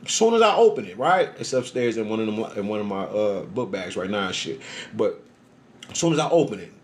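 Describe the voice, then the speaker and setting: A man telling a rambling, profanity-heavy personal story on a livestream, animated and emphatic, often acting out the voices he quotes. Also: brisk, a little hiss or hum. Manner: acts out voices in quotes, pitch jumping up. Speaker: social media livestreamer.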